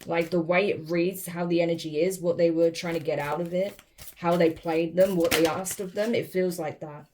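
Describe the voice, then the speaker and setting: A woman's voice: lowish voice, fairly even intonation, moderate pace, background noise. A woman giving a casual tarot reading to camera, emphatic, blunt and profane, often exasperated and incredulous. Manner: emphatic, blunt and profane, with repeated "I'm telling you". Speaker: tarot reader.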